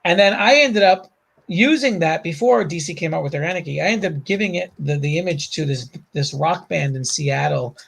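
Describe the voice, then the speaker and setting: A man with a Bronx New York accent talks through his old comic work in a loose, rambling way. His voice sits a little high for a man and carries a gravelly edge. He keeps circling back with fillers and asides. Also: moderate pace. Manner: rambling, animated storytelling with frequent fillers and laughs. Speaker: comic creator guest. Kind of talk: casual chat.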